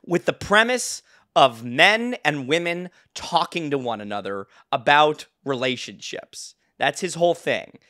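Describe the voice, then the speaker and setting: A man's voice: on the high side, animated, a little slow, pushed and bright. A man hosting a podcast, telling a story in a rambling, casual way and laughing often. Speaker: podcast host. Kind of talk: casual chat.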